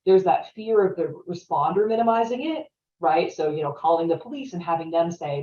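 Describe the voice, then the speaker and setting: A woman's voice: on the low side, lively intonation, fairly quick, warm tone, a little hiss or hum. A woman presenting a training webinar in a conversational way, often checking in with "right?". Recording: roomy, distant, dull-sounding audio.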